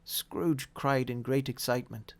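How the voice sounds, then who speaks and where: A man reading a classic story aloud in a measured, expressive way. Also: medium pitch. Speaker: audiobook reader. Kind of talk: storybook narration.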